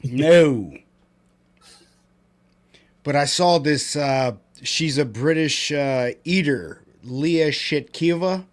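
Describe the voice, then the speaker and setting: A man co-hosting a casual podcast, animated and playful, often laughing. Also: fairly high pitch, drawn-out words, pauses often. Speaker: co-host.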